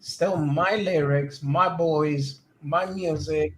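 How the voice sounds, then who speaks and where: A man's voice: on the high side, fairly even intonation, slow pace, fairly bright tone, a little hiss or hum. A man hosting a casual crypto live stream over a voice call, speaking in a laid-back way and laughing easily. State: voice changes easily, sometimes strained.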